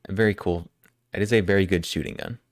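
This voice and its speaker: Deep-voiced joking streamer man. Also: fairly even intonation, brisk, no echo, clean studio sound. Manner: joking and rambling, answering chat questions. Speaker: live streamer. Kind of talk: casual live-stream chat with viewers.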